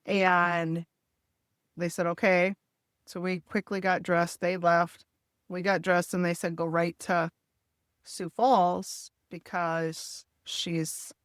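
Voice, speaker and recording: In a podcast interview, a middle-aged woman candidly and emotionally relates a difficult family story, voicing what others said. Her slightly low voice stays level and unhurried, recorded dry and close to the mic with no room sound.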